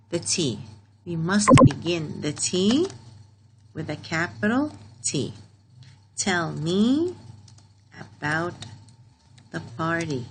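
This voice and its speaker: A woman's voice: fairly low pitch, heavy background noise. A woman teaching a grammar lesson to young learners, patiently repeating key points and checking in with "okay?" as she goes.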